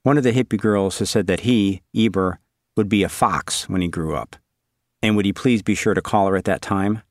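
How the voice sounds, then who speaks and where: A man with a low voice reads a literary story aloud, measured and wry, as if following a character's thoughts. The recording is close and dry, with no room sound. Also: no echo. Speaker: narrator. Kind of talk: scripted literary narration.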